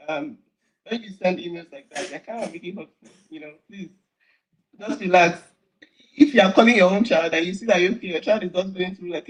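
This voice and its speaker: A woman's voice: fairly low pitch, breathy edge, poor audio. A woman on a live stream, talking bluntly and scolding, with a mocking edge. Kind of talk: casual live-stream chat.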